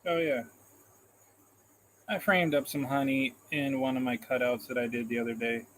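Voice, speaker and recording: A man's voice: medium pitch, steady tone, moderate pace, a bit bright, slight background noise, low-quality recording. A man hosting a casual live stream, reading out comments in a rambling, self-deprecating way and chuckling often, into a phone camera. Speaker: livestream host.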